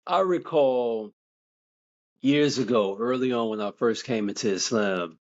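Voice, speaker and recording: A man being interviewed as an author, talking in a measured, reflective way with many "you know" asides. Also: mid-range voice, highs cut off. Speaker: guest author.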